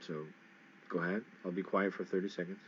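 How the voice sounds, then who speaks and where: A man's voice: sits low, level tone, fairly quick, slight background noise. A man teaching English pronunciation in a casual lesson, patiently repeating words for learners. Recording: dull lo-fi sound.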